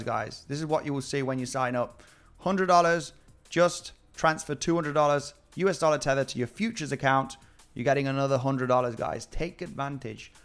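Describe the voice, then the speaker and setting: A man hosting a casual live stream about crypto trading, chatting with viewers and often repeating his words. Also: medium pitch.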